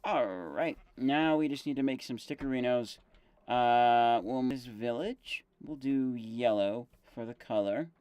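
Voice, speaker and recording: A man's voice: mid-range voice, a little slow, darkish tone, clear, resonant tone, no room sound. A man casually commentating his game stream, thinking aloud with fillers and self-corrections while chewing gum.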